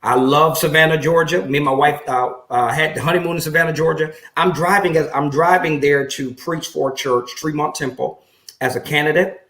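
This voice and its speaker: In an echoey room, a pastor with a slightly high voice recounts his story for an interview. He's earnest and reflective, brightening into liveliness when retelling conversations.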